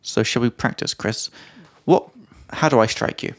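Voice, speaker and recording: A man's voice: mid-range voice, normal speed. A man co-hosting a casual podcast chat, blunt and teasing, with plenty of swearing. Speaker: podcast co-host.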